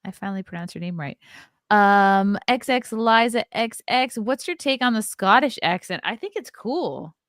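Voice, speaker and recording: A woman's voice: mid-range voice, expressive, moderate pace, fairly bright tone, dry recording, clean studio sound. A woman hosting a casual podcast, laughing often and reading viewer messages aloud. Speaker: podcast host reading chat. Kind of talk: casual chat.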